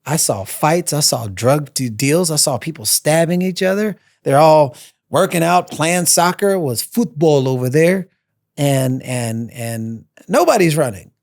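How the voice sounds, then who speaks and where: A man telling a personal story as a podcast guest, animated and repeating phrases for emphasis. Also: on the high side, unhurried, creaky, no echo, studio quality. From United States.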